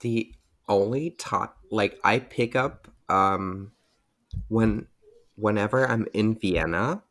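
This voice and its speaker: Very deep-voiced man. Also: takes it slowly, a bit bright. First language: German. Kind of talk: casual chat.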